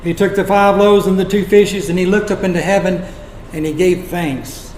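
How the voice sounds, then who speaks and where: A man preaching a sermon, retelling scripture as dramatic storytelling with long pauses. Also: high-pitched, steady tone, a little mellow, a little hiss or hum. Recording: echoey room.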